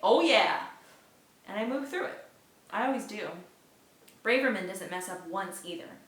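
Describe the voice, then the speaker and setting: A woman reading a novel aloud to children in lively first-person narration. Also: medium pitch, moderate pace. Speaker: book reader. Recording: echoey room.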